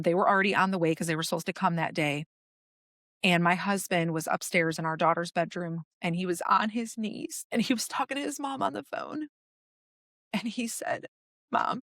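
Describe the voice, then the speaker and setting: A woman's voice: fairly low pitch, no echo. Young woman telling her story, dry sound. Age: young adult. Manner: animated, acts out her own past words. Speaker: podcast guest. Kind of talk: emotional personal storytelling.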